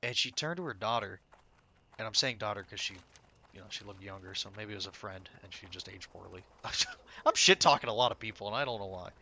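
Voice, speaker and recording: Man, casual gaming storytelling, lowish voice, bright forceful tone, rambling, profane, laughing. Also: brisk, slight background noise. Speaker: streamer.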